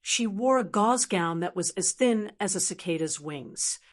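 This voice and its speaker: A woman reads a long fantasy novel aloud at a middle pitch. Her narration is steady and measured, built for chapter-length listening. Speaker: audiobook narrator. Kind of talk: scripted narration.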